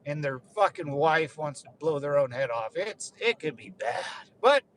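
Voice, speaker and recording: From inside a car, a young ex-Marine chats casually, swearing and laughing here and there. His voice is a little high, expressive, and a bit bright at a moderate pace, and there's slight hiss or hum.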